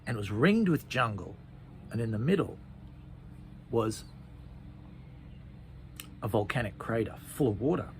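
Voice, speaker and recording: A man reading a children's story aloud, chatty, with asides and hushed passages. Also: mid-range voice, expressive, a little slow, long pauses, slight background noise.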